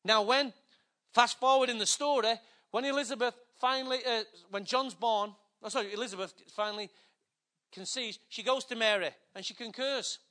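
An older man preaching a sermon, emphatic, swinging between loud declarations and hushed, low passages. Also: normal speed.

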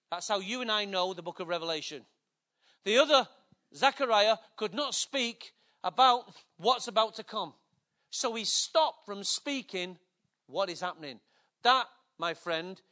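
Older man, preacher, high bright voice, emphatic sermon, loud then hushed.

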